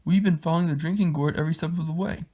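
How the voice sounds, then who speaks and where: A man voicing a grown man fleeing slavery, wary but gentle, in a storybook read-aloud, with a deep, drawling voice. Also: steady tone, racing, a little hiss or hum, natural voice.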